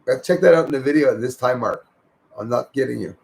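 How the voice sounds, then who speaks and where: A livestream host with a creaky, mid-range voice talks fast, rambling casually and greeting viewers by name. He reads out comments from his audience as he chats.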